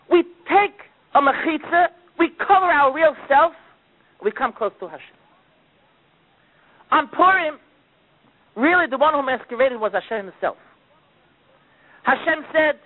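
A man giving a sermon with dramatic storytelling, his delivery swinging between loud outbursts and hushed asides. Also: extremely high pitch, animated, normal speed, long pauses. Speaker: preacher. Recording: tinny phone-like recording.

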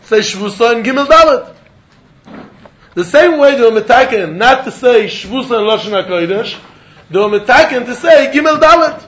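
High-voiced man giving a Talmud lecture. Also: lively intonation, normal speed, fairly bright tone. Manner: singsong study chant, mixing English with Hebrew, Aramaic and Yiddish terms. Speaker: Talmud teacher. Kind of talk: yeshiva-style Talmud lecture.

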